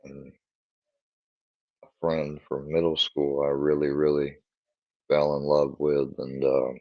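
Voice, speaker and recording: A man live streaming from home in a casual chat, talking in a halting way as he searches for his words, on dull lo-fi stream audio. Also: extremely low pitch, completely flat delivery, no echo.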